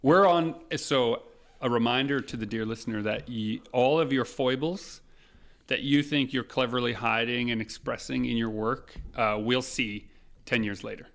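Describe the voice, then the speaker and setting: A man's voice: medium pitch, normal speed, gravelly, fairly bright tone. A man co-hosting a casual podcast, wry and talkative, often speaking to the listener. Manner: wry, addresses the dear listener. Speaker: podcast co-host.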